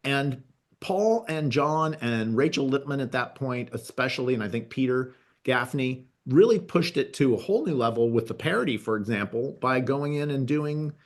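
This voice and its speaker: A man's voice: medium pitch, expressive, normal speed. A man, a TV writer and producer, reminiscing in casual chat, rambling with many restarts and fillers.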